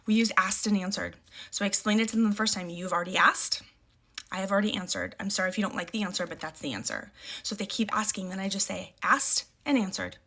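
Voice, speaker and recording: A middle-aged mother talks straight to camera in a casual, emphatic way. She drops into short, firm catchphrases and repeats them for weight, with a voice pitched right in the ordinary middle range for a woman. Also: fairly even intonation, fast talker, sharp tone. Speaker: parent sharing parenting advice.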